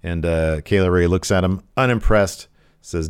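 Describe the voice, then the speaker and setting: A man co-hosting a podcast, recapping wrestling in an animated, jokey way. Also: deep voice, moderate pace, clear, resonant tone. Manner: animated, jokey, puts on mock voices. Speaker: podcast co-host. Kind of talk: casual wrestling recap chat.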